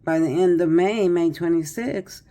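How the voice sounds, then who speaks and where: A woman's voice: on the low side, a little slow, mellow. A tired older woman doing a casual tarot reading, chatty and rambling with many fillers and restarts. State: tired, yawning. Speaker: tarot reader.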